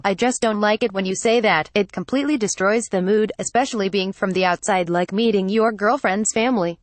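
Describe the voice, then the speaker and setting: A text-to-speech woman's voice reading a news article aloud in an even, machine-read delivery. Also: mid-range voice, dry recording. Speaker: article reader.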